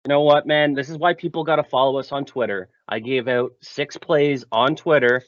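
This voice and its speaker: A man's voice: mid-range voice, steady tone, moderate pace, no echo. A man co-hosting a casual sports betting podcast, upbeat and laid-back in his banter. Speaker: podcast co-host. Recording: muffled lo-fi podcast mic.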